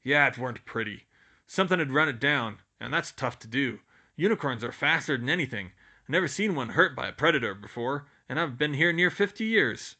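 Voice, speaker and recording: A man doing Hagrid, a booming gruff giant. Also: expressive, a little fast. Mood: gruff worried. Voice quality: loud, gruff rural-sounding dialect. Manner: booming, blunt and folksy. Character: huge gruff gentle male gamekeeper, older.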